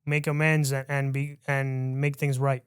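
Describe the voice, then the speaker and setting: A man hosting a podcast interview, easygoing, reacting briefly and asking his questions slowly. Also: mid-range voice, little pitch movement, clean tone. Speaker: podcast host.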